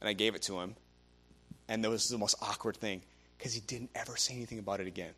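A man's voice: on the low side, steady tone, quick pace, sharp tone, husky. A young man preaching a sermon, telling stories animatedly and acting out the people he quotes. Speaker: guest preacher.

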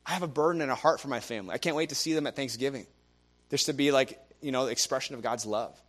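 Energetic young man preaching a sermon. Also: mid-range voice, fast. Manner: animated storytelling, voices the people he quotes. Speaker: guest preacher.

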